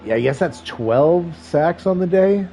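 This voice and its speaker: A man's voice: fairly high pitch, animated, a little slow, vocal fry, mellow, soft background music. A man streaming a football video game, giving casual play-by-play with wry, joking asides between stat rundowns.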